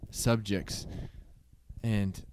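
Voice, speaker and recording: A man hosts a loose podcast chat, thinking aloud in halting, hesitant phrases. His voice is dark and mellow. A faint noise sits under the recording. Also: lowish voice, little pitch movement. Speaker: podcast host.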